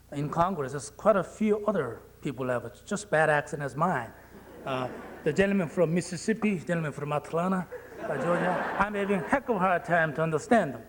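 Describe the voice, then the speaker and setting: A man with a Korean accent, a congressman giving a public speech in a plainspoken, joking way with halting phrasing. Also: on the high side, noisy background.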